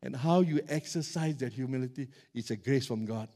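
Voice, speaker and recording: A middle-aged man preaching a sermon as pastor, animated and emphatic, stretching out key words. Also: mid-range voice, fairly quick.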